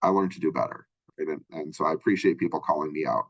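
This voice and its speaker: A man's voice: a bass voice, fast, slightly rough. A man teaching as a college communication instructor in a recorded lecture. He talks conversationally and keeps checking in with "right?" and "you know.". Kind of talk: recorded textbook chapter lecture. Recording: dull lo-fi audio.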